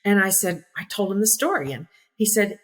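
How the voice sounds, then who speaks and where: This woman's medium-pitched voice is slightly rough and a little fast. A sixty-something former military pilot guesting on an interview, she recounts her career casually and with energy, mimicking quoted voices and laughing easily.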